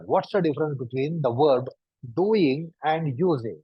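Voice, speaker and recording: Husky-voiced man teaching a yoga class. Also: fairly high pitch, unhurried, no room sound. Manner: repetitive, probing rhetorical questions. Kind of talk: instructing a class. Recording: dull lo-fi recording.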